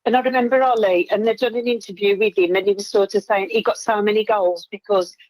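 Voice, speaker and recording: A woman's voice: mid-range voice, fairly even intonation, fast talker, a little mellow, no echo, rough recording. A woman calling in to a football phone-in, friendly and storytelling, often ending on tag questions. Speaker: caller. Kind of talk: casual football phone-in chat.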